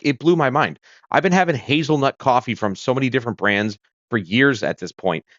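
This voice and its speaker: Broadcasting a casual livestream from a home room with a kitchen corner, an American man rambles chattily, using fillers and correcting himself. His medium-pitched voice is fairly bright, and the streaming-setup audio is lo-fi with no echo.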